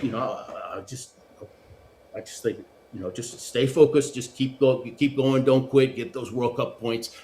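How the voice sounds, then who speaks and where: In this casual storytelling interview, the guest is a former Olympic luge athlete from Argentina and the United States who speaks with animation. His pitch is medium, with a faint hiss or hum behind it, and he keeps restarting and adding "right?"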